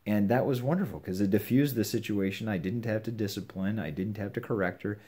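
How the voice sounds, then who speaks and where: An older man giving earnest, measured advice on scripture to his children and grandchildren at home. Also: fairly low pitch, warm tone, slightly rough. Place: home with a puppy nearby.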